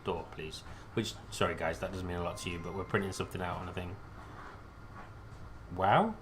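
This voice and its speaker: A man's voice: deep voice, fairly even intonation, brisk. British male quiz host, casual and self-mocking, faint background noise. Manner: rambling, self-deprecating, joking. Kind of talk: casual live-stream quiz hosting.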